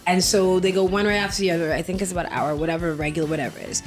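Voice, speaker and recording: A woman's voice: lowish voice, fairly even intonation, racing. A woman leads a casual podcast segment with bubbly energy. She tells little stories animatedly. Faint music sits underneath. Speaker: podcast co-host. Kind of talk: casual chat.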